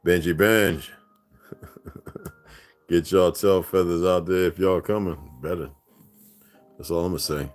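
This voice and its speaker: A man's voice: low-pitched, fairly even intonation, a little slow, long pauses, faint music behind. A man hosting a casual livestream, rambling and profane, laughing often as he talks. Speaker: livestream host.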